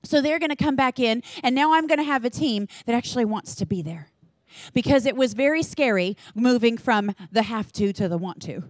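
Earnest, energetic woman with a higher voice. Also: no room sound. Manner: energetic, earnest, chatty with quick asides. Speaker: church children's ministry leader speaking to leaders. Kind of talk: conference talk to an audience.

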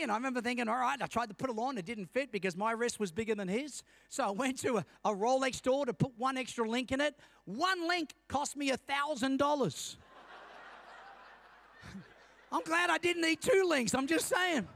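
A man in his fifties preaching a sermon with a strikingly high voice. He tells a personal story and keeps checking in with the congregation. The sound is close and dry, with no room around it. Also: gravelly, fairly bright tone, no room sound. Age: 50s. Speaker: pastor.

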